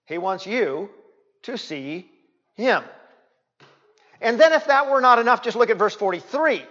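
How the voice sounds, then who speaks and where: A male pastor preaching a sermon in a church, emphatic, repeating key words and swinging from loud to hushed. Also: sits high, big pitch swings, unhurried. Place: church sanctuary. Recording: reverberant, dull lo-fi church recording.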